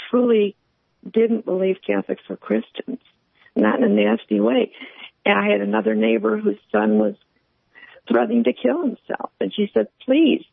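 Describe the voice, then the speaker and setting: A woman calls in with her faith story, telling it in an earnest, halting way. Her voice is heavily gravelly and husky. It comes through a tinny, dry phone line. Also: a little high, dry recording. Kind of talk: personal faith testimony.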